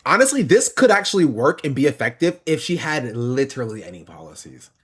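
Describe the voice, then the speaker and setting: A man's voice: mid-range voice, very animated, fairly quick, fairly bright tone, husky. A man streamer giving opinionated, explanatory political commentary.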